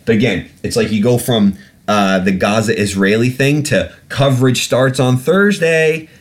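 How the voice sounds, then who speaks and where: A man with a fairly low, animated voice hosts a podcast, speaking a little slowly. In a casual rant he's sarcastic and swears a lot, repeatedly growing irate and then apologizing.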